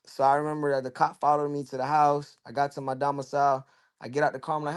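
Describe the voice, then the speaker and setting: A man's voice: a little high, quick pace, a bit bright, clean tone. A young man, a podcast guest telling his own story in a loose, candid way, full of "you know" and "bro". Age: young adult. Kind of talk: casual storytelling in a podcast interview.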